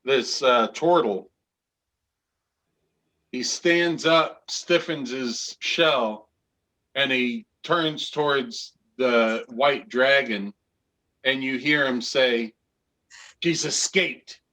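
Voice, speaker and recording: A man narrating a tabletop fantasy game as game master, in a measured storytelling manner. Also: mid-range voice, pushed and bright.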